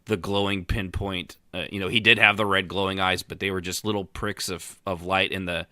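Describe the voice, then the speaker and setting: Deep-voiced man rambling through podcast chat. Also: little pitch movement, brisk, pushed and bright, no echo, clean studio sound. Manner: rambling, many fillers and restarts. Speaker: podcast co-host. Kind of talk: casual chat about roleplay.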